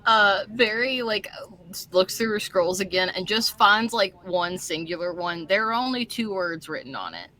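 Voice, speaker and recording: A woman playing a tabletop role-playing game over an online call, chatting playfully and quickly. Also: medium pitch, animated, sharp tone. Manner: playful, quick, laughing asides. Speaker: player. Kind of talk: tabletop role-play chat.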